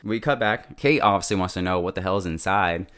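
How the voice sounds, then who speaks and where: A man talks a little fast in a low, clean, fairly bright voice, casually recapping a TV episode. He's chatty, says "like" constantly, and laughs often.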